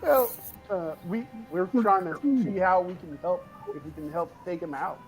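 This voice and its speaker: A man's voice: high-pitched, normal speed, soft background music. A man playing a tabletop game who speaks hesitantly, with stammers and restarts. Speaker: player. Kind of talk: casual tabletop play.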